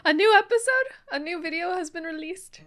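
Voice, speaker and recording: A woman hosting an anime reaction video, chatting casually and breaking into gasps, laughs and loud exclamations. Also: extremely high pitch. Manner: excitable, gasping, laughing and exclaiming often. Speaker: anime reaction channel host.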